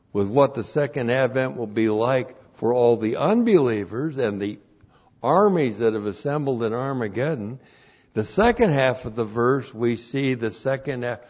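A man gives a slow, methodical Bible lesson at an unhurried pace, leaning hard on the words he wants to stress. His voice sits in a middle register. The recording sounds dull and lo-fi. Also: mid-range voice, a little mellow. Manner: slow, deliberate, emphatic on key words. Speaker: Bible teacher. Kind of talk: expository Bible teaching.

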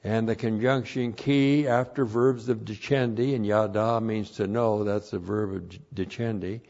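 A man teaching a sermon as a pastor, working slowly through Hebrew words and spelling them out letter by letter, and growing emphatic at times. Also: lowish voice, fairly even intonation. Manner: builds to emphatic, louder passages. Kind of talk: Bible teaching sermon with Hebrew word study. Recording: dull lo-fi sermon recording.

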